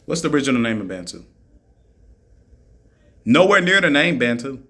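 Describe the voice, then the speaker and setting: A man's voice: medium pitch, big pitch swings, moderate pace, sharp tone. A man ranting on a live stream, mocking his listeners and firing the same rhetorical questions at them again and again. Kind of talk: argumentative live-stream rant.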